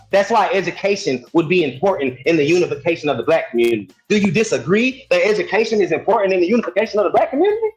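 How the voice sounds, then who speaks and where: A fast, insistent man arguing his point in a heated stream debate, his voice sitting a little high for a man. He pushes through interruptions with sarcasm. Faint music hums underneath. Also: lo-fi sound. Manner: insistent, talks over the other, sarcastic.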